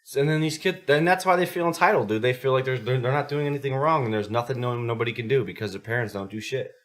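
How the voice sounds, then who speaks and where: A man telling coaching stories in a casual, profane podcast chat, animated and swearing often. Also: mid-range voice, fast. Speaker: podcast host; youth sports coach.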